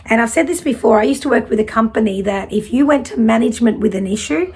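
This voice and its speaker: A woman's voice: a little high, fast talker, a little mellow, slightly rough. A woman, giving a casual tarot reading in a fiery, direct way. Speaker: tarot reader.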